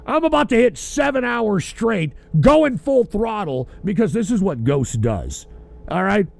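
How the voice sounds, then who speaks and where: A tipsy man hosting a call-in livestream, ranting loudly and profanely. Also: sits high, big pitch swings, a little slow, gravelly. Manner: loud, profane, rambling rant. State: drinking, tipsy. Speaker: host of a call-in livestream show.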